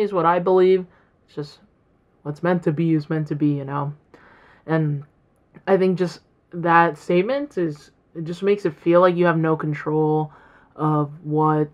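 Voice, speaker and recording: A young woman speaks low in her range while she hosts a solo podcast. She muses aloud in a rambling way and often restarts her sentences. The recording sounds a little dull and muffled. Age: young adult. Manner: rambling and reflective, with many fillers and restarts. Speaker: podcast host. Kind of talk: casual solo podcast talk.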